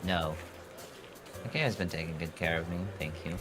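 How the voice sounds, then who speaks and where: A man voicing a quiet young boy with a nasal, soft voice in a visual novel reading. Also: sits low, moderate pace, over loud music, natural voice. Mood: polite.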